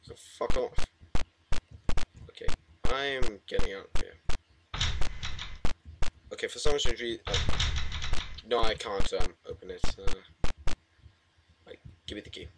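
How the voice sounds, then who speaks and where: A man's voice: fairly low pitch, unhurried, long pauses, heavy background noise. A man playing a horror game and commenting, jumpy and swearing, talking back to the game at a desk mic. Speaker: gamer.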